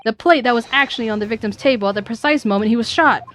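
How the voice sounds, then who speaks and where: A woman's voice: fairly high pitch, fast talker, fairly bright tone, soft background music. A woman streamer reading visual novel dialogue aloud, voicing the characters and stumbling over names.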